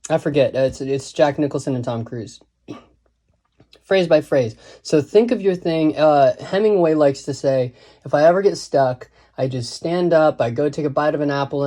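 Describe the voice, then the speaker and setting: Mellow-voiced man teaching writing casually. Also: fairly high pitch. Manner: loose and digressive, thinks aloud with fillers, recites quotes and verse. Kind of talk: casual spoken lesson.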